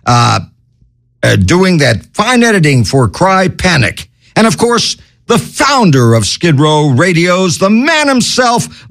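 A man hosting a radio show in a manic, zany way, stammering, shouting and giggling between his lines. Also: high voice.

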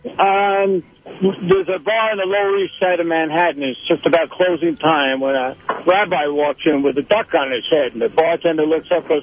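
A man with a fairly high voice calls in to tell a joke. He sounds thin and phone-like, with faint hiss behind him. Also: steady tone, normal speed. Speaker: caller.

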